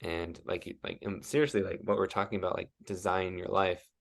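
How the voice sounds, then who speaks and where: Male guest coach, deep and creaky, loose chatty delivery full of "like". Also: little pitch movement, a little fast. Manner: rambling, heavy use of "like". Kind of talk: casual podcast interview.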